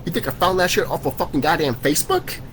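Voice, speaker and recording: A man's voice: fairly high pitch, expressive, quick pace, slight background noise, rough recording. Angry swearing man ranting to camera. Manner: angry, swearing constantly, confrontational; repetitive, restarts sentences. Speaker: vlogger. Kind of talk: profane conspiracy rant to camera.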